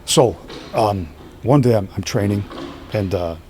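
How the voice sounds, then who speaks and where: A middle-aged man telling stories in a casual podcast chat, animated and checking in with "right?" as he goes. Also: on the low side, a little slow, a little hiss or hum. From Northeastern US. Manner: animated, repeats "right?" often, acts out quoted voices. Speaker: podcast guest, strength athlete. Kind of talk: casual storytelling conversation.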